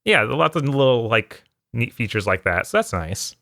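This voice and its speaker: A man co-hosting a casual gaming podcast, giving news in a relaxed, wry way. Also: medium pitch, moderate pace, vocal fry, no echo, clean studio sound. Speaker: podcast co-host reading news.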